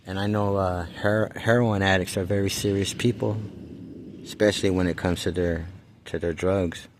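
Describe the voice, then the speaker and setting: A middle-aged man telling a personal story in a casual, rambling way, halting often and swearing freely. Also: deep voice, fairly even intonation, slight background noise.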